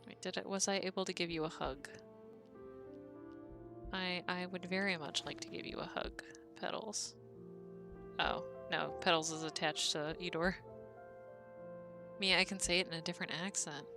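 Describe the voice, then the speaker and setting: A young woman with a Southern US accent and a fairly low voice chats casually through a game live-stream, answering her chat aloud. Music plays clearly behind her. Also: steady tone, moderate pace, long pauses. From Southern United States.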